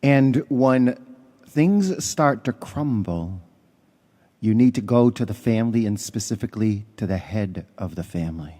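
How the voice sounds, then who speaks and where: A man's voice: on the low side, animated, measured pace, dark tone. A man, a parish priest, giving a conversational homily with stories and some fillers. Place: church.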